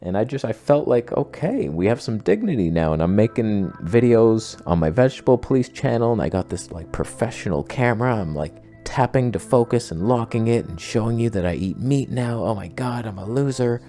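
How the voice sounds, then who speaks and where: A man's voice: brisk, few pauses, soft background music. A man casually rambling about his camera gear in a self-mocking vlog. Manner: rambling, self-mocking, animated with sudden pitch jumps. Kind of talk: casual talking-head vlog.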